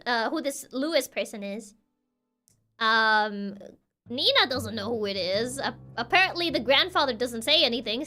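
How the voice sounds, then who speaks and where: A young woman streamer chats casually over a game, playful and joking, with many fillers. Her voice is high and bright.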